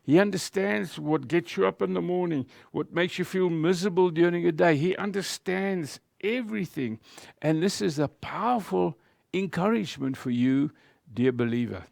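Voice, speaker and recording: A man preaching a sermon as pastor, speaking in a slow, emphatic way with deliberate pauses. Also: high voice, vocal fry, darkish tone, dry recording, studio quality.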